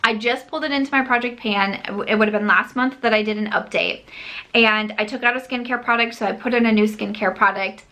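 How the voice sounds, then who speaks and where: Bright-voiced chatty woman vlogger. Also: fairly high pitch, steady tone, fairly quick. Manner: chatty, emphatic, scolding herself. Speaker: beauty vlogger. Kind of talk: casual vlog chat.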